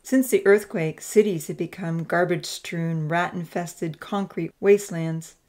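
A woman narrating a Christian novel in a measured, expressive reading voice. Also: fairly low pitch. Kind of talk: scripted audiobook narration.

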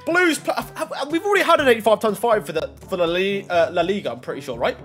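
A young man commentating on opening video game card packs, reacting loudly and excitedly to each card. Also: high-pitched, fast talker, soft background music. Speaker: gaming YouTuber.

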